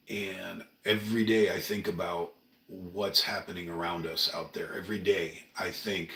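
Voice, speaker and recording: Brief: middle-aged man, low and earnest, talking a bit off-mic in a roomy home room. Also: a bit bright, distant mic, a little hiss or hum. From Oregon, USA. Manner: earnest, rambling, emotional. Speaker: livestream host. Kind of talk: casual livestream monologue.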